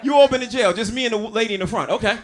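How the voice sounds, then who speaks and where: A man's voice: sits high, rapid-fire. A man doing a stand-up comedy set on stage, brash and profane, talking straight to the crowd with audience laughter behind him.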